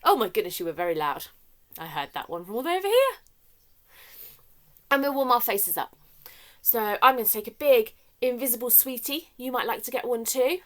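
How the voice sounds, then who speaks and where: A young woman with a fairly high voice leads a children's story time, full of warm-up games. She talks in an animated, sing-song way, dropping to whispers and rising to excited shouts. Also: a little fast, long pauses.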